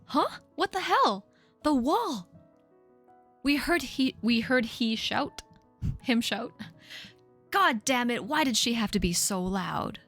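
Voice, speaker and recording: A woman in her thirties on a live stream, reading her old fan fiction aloud with self-mocking asides and squeaky sound effects. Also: animated, a little slow, a bit bright, soft background music. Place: home streaming setup.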